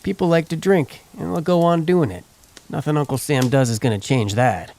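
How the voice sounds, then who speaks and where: A man's voice: on the high side, moderate pace, creaky, darkish tone, slight background noise, voice pushed up. A man playing a jolly scoffing cowboy. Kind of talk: audiobook character voice.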